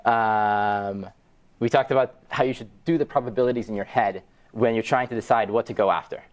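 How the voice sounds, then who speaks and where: A startup founder in his twenties addresses university students in an event room with an audience present. His voice is lowish and fairly quick as he animatedly tells a personal story, acting out dialogue with excited jumps in pitch.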